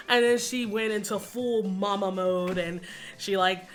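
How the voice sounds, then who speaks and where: Bright-voiced young woman. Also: medium pitch, measured pace, faint music behind. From Texas, US. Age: 20s. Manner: rambling and chatty, laughs often, says "y'all". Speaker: YouTuber. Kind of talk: casual vlog chat.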